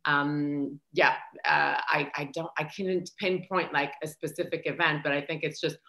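Low, bright-voiced hesitant woman comic. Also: flat delivery, moderate pace, creaky. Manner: hesitant, with many uh's and restarts. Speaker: comedian guest. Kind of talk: casual panel chat.

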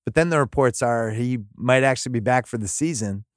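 A male podcast host chatting casually about sports, his voice sitting at an average pitch. He rambles and gets excited, and the recording is dry with no room sound. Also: brisk, no room sound. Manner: rambling, excitable, breaks into laughs.

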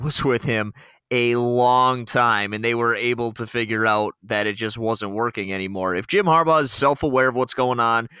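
A man's voice: mid-range voice, sharp tone, smooth, dry recording, clean studio sound. A man co-hosting a casual sports podcast and giving earnest, emphatic opinions. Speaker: podcast co-host.

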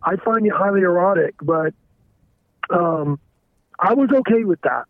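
A man calling in, talking frankly and haltingly with stumbling restarts. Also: high-pitched, dry recording. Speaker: caller. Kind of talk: candid confessional phone talk. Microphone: telephone. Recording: tinny phone line.

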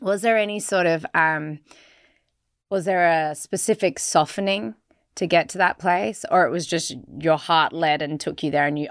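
A woman co-hosting a podcast, asking questions in a gentle, affirming way. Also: lowish voice, fairly even intonation, moderate pace, no room sound, clean studio sound. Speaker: podcast co-host. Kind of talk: interviewer questions.

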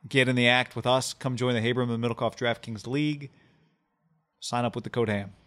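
A man's voice: mid-range voice, steady tone, fairly bright tone. Upbeat male podcast co-host. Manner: brisk, upbeat ad reads and loose banter. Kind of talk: casual sports podcast chat and ad reads.

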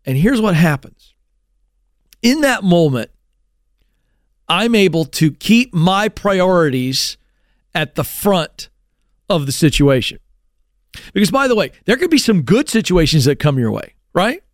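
A middle-aged man hosting a talk show, telling stories in an animated way with many restarts and acted exclamations. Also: high voice, a little slow, long pauses, dry recording, clean studio sound. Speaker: radio show host.

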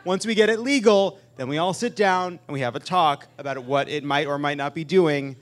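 A man hosting a live comedic political talk show on stage, joking and animated, with loud emphatic bursts. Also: fairly high pitch, normal speed. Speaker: podcast host.

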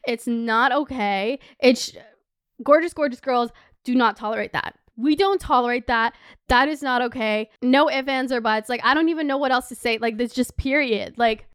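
Candid young woman, high clear voice. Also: dry recording, clean studio sound. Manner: candid, animated, frequent "like", swears freely. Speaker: podcast host. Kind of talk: casual advice chat.

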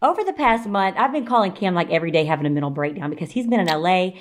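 Rapid-fire and fairly low-pitched, a young woman co-hosting a podcast races through animated anecdotes. She swears casually and acts out the quotes in her stories.

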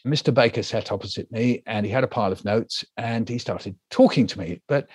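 Older male storyteller, animated, plays the other people's voices, dry studio mic. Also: fairly low pitch, a little fast, slightly rough, dry recording. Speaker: guest author. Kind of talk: storytelling interview answer.

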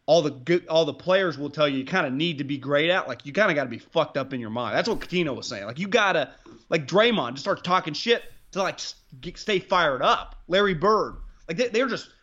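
A man chats casually about sports on a podcast in a rambling, excitable way, swearing freely. His voice sits a bit high, and the recording sounds muffled and lo-fi. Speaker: podcast co-host.

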